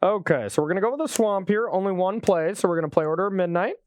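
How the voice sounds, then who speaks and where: A man's voice: high voice, fast, no room sound, studio quality. A man playing a card game match on a show, chatting casually, joking and laughing often. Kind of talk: casual play-along chat.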